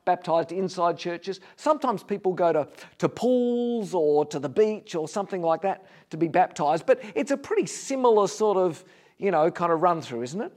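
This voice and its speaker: A man preaching a sermon in a conversational way, asking rhetorical questions with gentle humor. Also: sits high, lively intonation, normal speed. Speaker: pastor.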